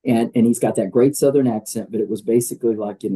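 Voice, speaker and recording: An older American man, a wellness program leader, appears as a guest on a podcast interview, speaking conversationally and emphatically with many fillers. His medium-pitched voice is fast and mellow with a breathy edge. The audio quality is poor.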